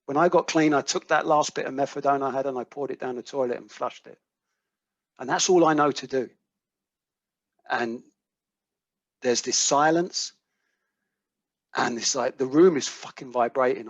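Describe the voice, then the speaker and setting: A man from the United Kingdom with a British accent tells a personal story at a recovery workshop, speaking at a moderate pace with fairly even intonation and long pauses. He's a vivid storyteller who performs the quoted lines and swears casually. His mid-range voice comes through a video call mic as dull, lo-fi audio with no room sound.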